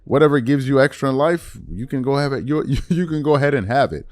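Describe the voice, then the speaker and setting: A man's voice: mid-range voice, a little fast, no echo. A man hosting a podcast, giving his opinion in casual talk that rambles with many fillers and repeats. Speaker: podcast host.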